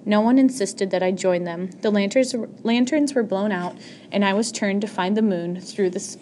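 A woman's voice: medium pitch, normal speed, mellow, a little hiss or hum. A woman narrating an audiobook chapter in the first person, reading steadily with a few small slips.

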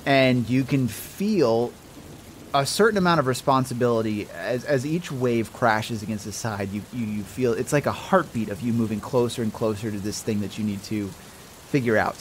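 A man running a tabletop role-playing game, painting the scene in slow, searching sentences. His voice sits at a middling pitch. Faint rain hisses behind him. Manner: slow, descriptive narration with restarts. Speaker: game master.

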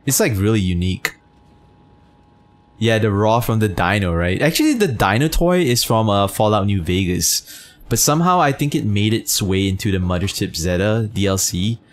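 A man's voice: lowish voice, big pitch swings, normal speed. A man streaming a game, chatting casually with his chat, teasing, full of fillers and swearing. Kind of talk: casual gameplay commentary, reading chat.

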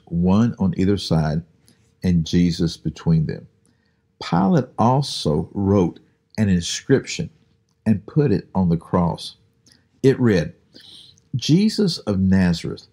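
A man hosting a daily Bible podcast, talking through a Bible passage in a relaxed, unhurried way with frequent pauses. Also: low voice, breathy edge. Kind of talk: conversational Bible study.

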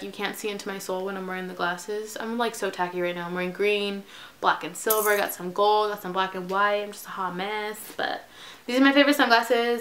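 A woman's voice: mid-range voice, a bit bright. A woman gushing through a casual haul vlog from her bedroom, bubbly and chatty, sometimes dropping to a whisper. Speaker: haul vlogger.

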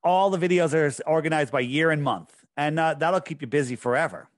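Emphatic man with a raised pitch. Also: fairly quick, no echo, studio quality. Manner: insistent, emphatic, repeats himself. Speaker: podcast guest. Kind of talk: casual podcast chat.

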